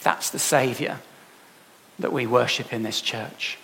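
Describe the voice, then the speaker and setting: A man preaching a sermon emphatically, putting rhetorical questions to his congregation and swinging from loud to soft. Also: medium pitch, steady tone, measured pace, gravelly, slight background noise. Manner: emphatic, with dramatic swings in loudness. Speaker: pastor.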